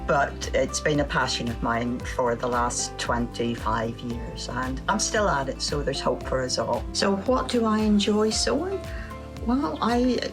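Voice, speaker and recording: Woman, very low voice, fabric shop owner and quilter, friendly self-introduction, music bed behind. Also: a little slow. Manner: friendly, conversational, self-questioning.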